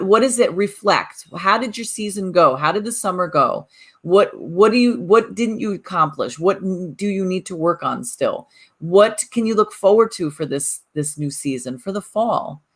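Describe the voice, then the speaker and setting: Woman, podcast co-host, casual chat, animated, lowish pitch. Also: breathy edge. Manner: animated, repeats words when restarting.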